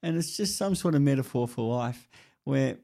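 Casting: middle-aged bloke, rambling, loose, swears a lot, easygoing podcast chatter. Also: male voice, medium pitch, expressive, normal speed, creaky, mellow. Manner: rambling, swearing, laughing storyteller. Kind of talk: casual chat.

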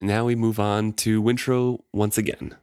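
Low-voiced man discussing a book. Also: flat delivery, a little slow, darkish tone, clean tone, no echo, clean studio sound. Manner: reads passages aloud then comments, laughs easily. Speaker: podcast co-host.

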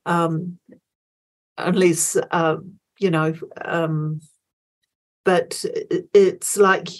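A woman's voice: lowish voice, level tone, drawn-out words. A middle-aged woman, a guest in an interview, telling a story with many fillers and restarts and acting out her inner voices. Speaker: guest, former Olympic marathon runner.

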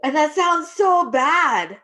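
A woman veteran talking candidly in casual conversation, laughing at dark humor. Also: sits high, expressive, slow. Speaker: military veteran.

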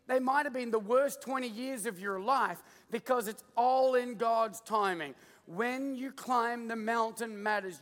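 A man's voice: very high voice, a bit bright. A middle-aged Australian man preaching a sermon, joking and telling stories, acting out voices. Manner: jokey storytelling, digressive, acts out voices. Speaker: pastor. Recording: long hall reverb.

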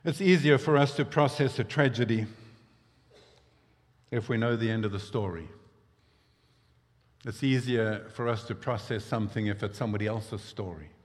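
A man's voice: on the low side, moderate pace, long pauses, in a large hall. A male pastor preaching a sermon, explaining scripture in a conversational way with personal asides.

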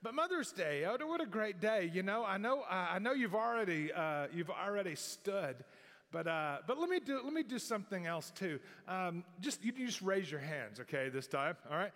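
A man's voice: high voice, big pitch swings, moderate pace, a bit bright. A middle-aged male pastor preaching a sermon in a folksy, rambling way with many restarts. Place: church sanctuary. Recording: long hall reverb.

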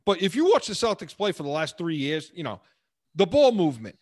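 A man co-hosting a sports talk show, talking in an animated, emphatic way with many restarts. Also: a little high, fairly quick, no echo, studio quality. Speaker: sports radio co-host.

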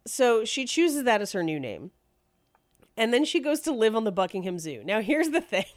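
A woman's voice: on the high side, very animated, normal speed, no echo, studio quality. A woman hosting a podcast, casually telling a true-crime story in a chatty way and laughing often. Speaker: podcast host.

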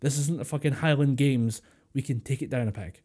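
A man's voice: medium pitch, a little fast, mellow. A Scottish man co-hosting a podcast over a remote call, chatting casually, swearing freely and laughing often. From Scotland. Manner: sweary, laughing, goes into mock voices. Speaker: podcast co-host. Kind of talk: casual chat. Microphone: remote call mic.

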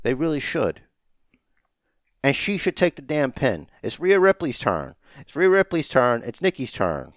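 A man's voice: mid-range voice, very animated, measured pace, no room sound, studio quality. A middle-aged man co-hosting a casual wrestling podcast, ranting emphatically and swearing as he argues. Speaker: podcast co-host.

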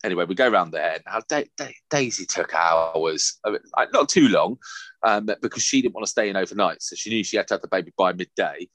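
A young man, casually telling a lively, sweary story on a podcast. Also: sits low, fairly quick, dry recording. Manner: animated, sweary, laughing anecdote-telling. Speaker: podcast host.

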